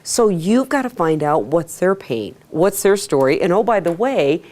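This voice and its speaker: A woman teaching a sales workshop to a live audience, energetic, asking the room questions and acting out quotes. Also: lowish voice, moderate pace. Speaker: sales trainer. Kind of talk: workshop lecture.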